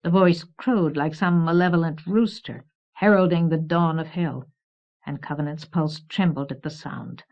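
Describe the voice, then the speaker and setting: Female narrator for fantasy audiobook, measured reading, fairly low voice, dull tape sound. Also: darkish tone. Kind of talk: scripted narration. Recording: dull old cassette recording.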